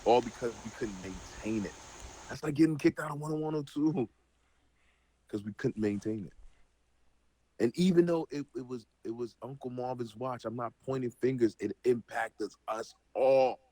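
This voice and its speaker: A man hosting a casual group Bible study, talking in an animated way with everyday parallels. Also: mid-range voice, moderate pace, low-quality recording. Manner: animated, draws everyday parallels, many fillers.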